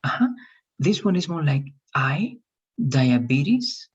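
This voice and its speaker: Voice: medium pitch, animated, breathy edge, lo-fi sound. Patient teacher giving pronunciation feedback. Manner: patient, repeats words slowly for the student. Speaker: English teacher. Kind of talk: giving feedback in an online English class.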